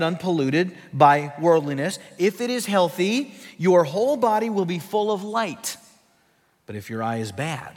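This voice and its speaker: Emphatic man preaching in a reverberant hall. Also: high-pitched. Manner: emphatic, rhetorical questions, swings between loud and hushed. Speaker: pastor. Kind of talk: sermon.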